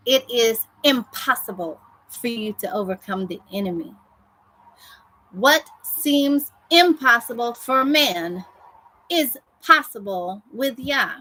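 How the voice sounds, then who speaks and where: A woman's voice: medium pitch, fairly bright tone, low-quality recording. A woman preacher giving a devotional sermon in a fervent, conversational way, repeating phrases for emphasis.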